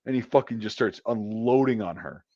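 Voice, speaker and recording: A man's voice: fairly low pitch, moderate pace, no echo. A man hosting a casual chat from home over an online call, telling a long anecdote in a rambling, profane way full of fillers. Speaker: podcast host. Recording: dull, dry lo-fi call audio.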